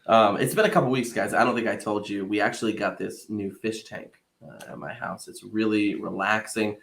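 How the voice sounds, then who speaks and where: Male podcast co-host, gravelly, playful joke-teller. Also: lowish voice, a bit bright. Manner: playful, drawn-out storyteller. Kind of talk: casual chat, telling dad jokes.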